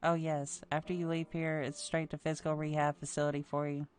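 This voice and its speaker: A woman voicing a calm, matter-of-fact male hospital doctor in a story game, reading him in a low voice. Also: fairly quick, close to an everyday voice. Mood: businesslike.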